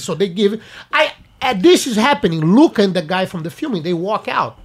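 A man's voice: sits high, fast talker. A man from Brazil with a Brazilian Portuguese accent, telling a story in casual chat with much laughter. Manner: lively, laughing, acts out voices in his story. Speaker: guest storyteller.

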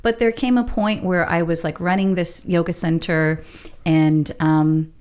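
A woman's voice: on the low side, fairly even intonation, unhurried, a little mellow. A middle-aged woman telling a personal story in a casual, rambling, reflective way, laughing now and then. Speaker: storyteller sharing her spiritual journey.

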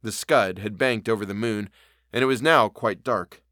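A man narrating an audiobook of a classic novel, reading in a measured, solemn way. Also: on the low side, pushed and bright, no echo, clean studio sound.

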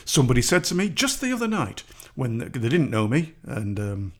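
A man's voice: mid-range voice, very animated, fairly quick. A middle-aged man co-hosting a podcast in a rambling, self-deprecating chat, laughing often. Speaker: podcast co-host. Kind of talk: casual chat.

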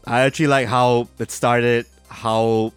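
A man's voice: medium pitch, little pitch movement, a little slow, clean tone, no echo, soft background music. A man co-hosting a podcast in casual chat, agreeable, with many short replies. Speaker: podcast co-host.

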